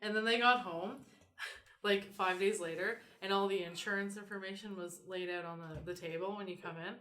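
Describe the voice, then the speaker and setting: A woman's voice: mid-range voice, moderate pace. A young woman, co-hosting a podcast and animatedly telling a story, swearing freely. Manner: animated, swears freely, acts out quoted voices. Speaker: podcast co-host. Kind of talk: casual storytelling chat. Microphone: podcast microphone.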